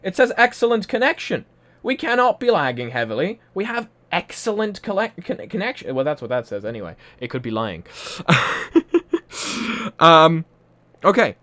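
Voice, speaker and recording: A man's voice: fairly high pitch, big pitch swings, moderate pace, pushed and bright, dry recording. A man from Poland with a mixed, partly Irish accent, casually chatting and rambling on a live stream with frequent laughs from a home room. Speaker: livestream host. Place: home room with a ring light.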